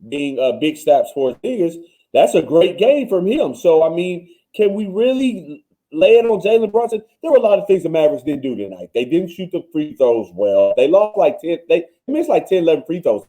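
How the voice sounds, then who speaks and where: Co-host, man, warm mellow voice, lively swooping pitch, laid-back rebuttals. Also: moderate pace, poor audio. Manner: laid-back, pushes back calmly. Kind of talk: casual sports chat.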